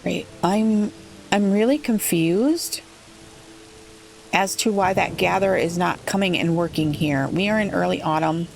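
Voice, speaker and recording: A woman playing a city-builder game, thinking aloud and puzzling over it, her voice a little rough today. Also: on the low side, measured pace, darkish tone, slight background noise. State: slightly rough voice. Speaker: let's play gamer. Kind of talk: relaxed gameplay commentary.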